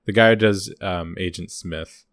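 A man with a low voice talks in a rambling, animated way about behind-the-scenes stories. He often slips into quick impressions of the people he quotes. The sound is close and dry, with no room around him. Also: no room sound. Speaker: podcast co-host. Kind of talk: casual chat about a TV show's extras.

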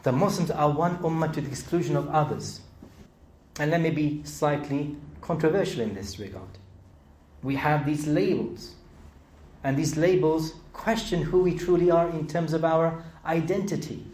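A man's voice: fairly high pitch, normal speed, darkish tone, a little hiss or hum. Earnest British man preaching in an echoey room. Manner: earnest rhetorical questioning, rising to emphatic peaks. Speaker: speaker. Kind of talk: sermon.

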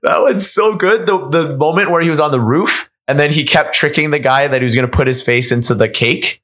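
A man in casual chat, animated and full of fillers. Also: a little high, fairly quick.

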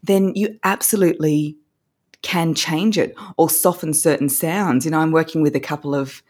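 An Australian woman, a voice coach, explaining techniques as a podcast guest in an animated way, laughing often. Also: sits low, normal speed, slightly rough.

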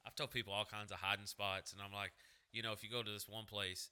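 A man's voice: fairly low pitch, little pitch movement, quick pace, bright, forceful tone, smooth. A man joking loosely and swearing during a casual podcast chat.

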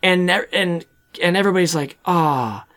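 A podcast co-host with a somewhat high male voice, talking at normal speed, recaps a movie in a casual chat. He rambles loosely, restarting his sentences and acting out quotes along the way.

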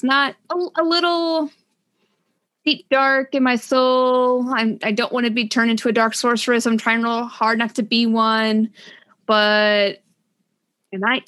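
A young adult woman with a slightly high voice co-hosts a casual book podcast. She talks in an animated, gushing way, full of quick asides. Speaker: podcast co-host.

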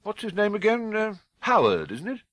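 A man's voice: high voice, huge pitch swings, normal speed, fairly bright tone, dry recording, clean studio sound, voice pushed up, exaggerated voice. A British man voicing a nervous, stuffy middle-aged homeowner who stammers and hesitates.

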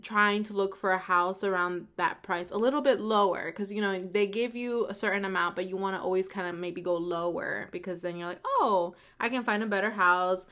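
A woman co-hosting a relaxed, casual chat. She talks in a playful, joking way and laughs easily. Her voice sits at an everyday middle pitch. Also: a little fast, hardly any pauses. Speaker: co-host.

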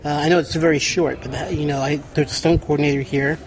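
A man's voice: fairly high pitch, fairly even intonation, quick pace. Upbeat male interviewer on a film set. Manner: upbeat, brief reactions. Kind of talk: behind-the-scenes interview.

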